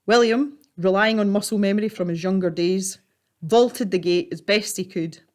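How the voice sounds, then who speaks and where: A woman calmly narrating a story while she paints. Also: medium pitch. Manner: calm, measured storytelling. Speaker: artist and storyteller.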